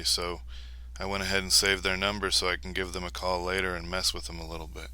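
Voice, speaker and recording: A man's voice: low voice, level tone, a little fast, pushed and bright, smooth, no echo, poor audio. A man hosting a comedy podcast, rambling through a jokey, crude monologue. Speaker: podcast host.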